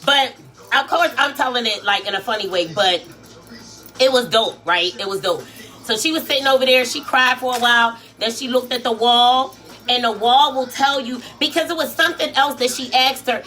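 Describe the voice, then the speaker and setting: Animated Philadelphia woman telling a story. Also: on the high side, moderate pace. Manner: animated, slangy, swears freely, acts out quotes. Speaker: vlogger and life coach. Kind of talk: casual storytelling chat.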